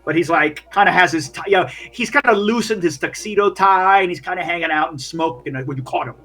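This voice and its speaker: A man's voice: high voice, fast, bright, forceful tone, soft background music. A man running a tabletop game as game master, rambling with lots of fillers. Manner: rambling, many fillers, laughs often.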